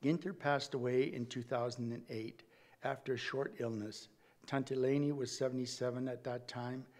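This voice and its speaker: A man delivering a eulogy in a church, reading carefully from prepared notes. His voice sits in an ordinary middle pitch, and he stumbles and restarts now and then. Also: fairly even intonation, a little mellow. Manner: measured, reading aloud with small slips and restarts. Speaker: family member giving a eulogy.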